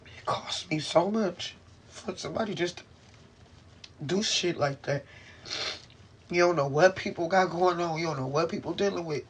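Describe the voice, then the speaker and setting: A man's voice: on the high side, normal speed, pauses often, a bit bright, a little hiss or hum. A man venting into his camera in a rambling, profane, frustrated way while in pain, speaking from inside a car. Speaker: vlogger.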